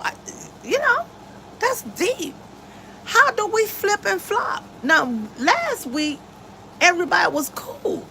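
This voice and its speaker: A woman's voice: high-pitched, gravelly, bright, forceful tone, a little hiss or hum, poor audio. A woman hosting a casual livestream from home, talking emphatically and a little preachy about faith and her friends, on a phone mic. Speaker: livestream host.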